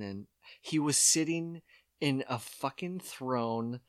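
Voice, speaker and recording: A man's voice: medium pitch, takes it slowly, no room sound. A young man co-hosting a comedy podcast, rambling and laughing as he trails off mid-sentence. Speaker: podcast co-host. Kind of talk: casual comedic banter.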